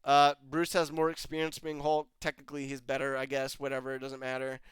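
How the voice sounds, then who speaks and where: A man's voice: medium pitch, completely flat delivery, a little fast, smooth, dry recording. A man giving an angry, profane reaction rant as a show reviewer, laughing in disbelief between outbursts.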